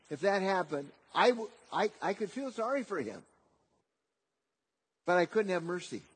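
A man with a high-pitched, breathy voice preaches a sermon, often repeating words. He swings between loud, emphatic lines and quiet, soft passages.

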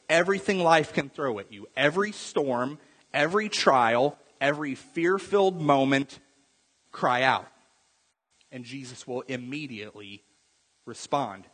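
Husky-voiced preacher in a reverberant hall. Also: male voice, on the high side. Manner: animated preaching with sudden drops to quiet intensity; asks the congregation direct questions. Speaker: pastor. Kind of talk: sermon.

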